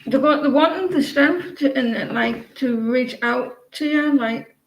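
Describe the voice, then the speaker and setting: An English woman reads tarot cards live, her voice sitting a little high. She halts and restarts often, filling gaps with ums. The room around her rings with echo and faint ambient hum. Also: dull audio. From England. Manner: halting, many fillers and restarts. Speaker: tarot reader. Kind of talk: live-stream tarot reading.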